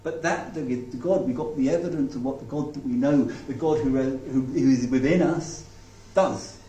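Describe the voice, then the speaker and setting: A man preaching a sermon and leading a prayer, reflective and halting, often restarting his sentences. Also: medium pitch, mellow. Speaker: pastor. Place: church hall. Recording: echoey hall from far off, faint noise.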